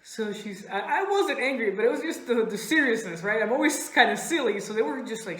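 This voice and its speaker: A woman doing stand-up, telling a story in an animated way and laughing often. Her first language is Spanish. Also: fairly high pitch, a little fast, hardly any pauses, very echoey, rough recording. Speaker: stand-up comedian. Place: comedy club stage.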